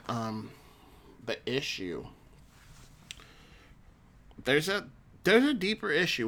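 A man's voice: mid-range voice, bright, forceful tone. A man hosting a podcast alone, a counselor who talks earnestly and encouragingly to his listeners, often restarting his sentences. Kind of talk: solo podcast monologue.

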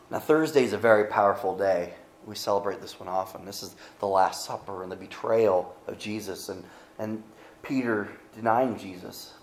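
A man giving a conversational sermon as pastor, animated, with joking asides and frequent restarts, speaking from a church pulpit. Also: on the low side, brisk, reverberant, a little hiss or hum.

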